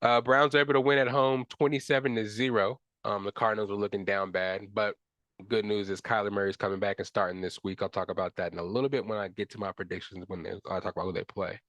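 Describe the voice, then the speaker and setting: A man's voice: lowish voice, fairly even intonation, fast, fairly bright tone, no room sound. A young man hosting a solo sports podcast, ranting in frustration with casual slang and profanity. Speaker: podcast host.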